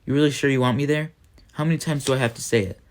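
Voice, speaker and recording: A man's voice: medium pitch, steady tone, racing, close to an everyday voice. A man voicing a frightened, stubborn young girl who pleads anxiously.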